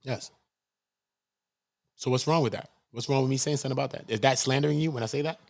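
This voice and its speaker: A man's voice: medium pitch, fast talker, gravelly, darkish tone, no room sound, studio quality. A man hosting his own channel, ranting in a confrontational, profane way and firing off rhetorical questions. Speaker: channel host. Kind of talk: heated livestream rant.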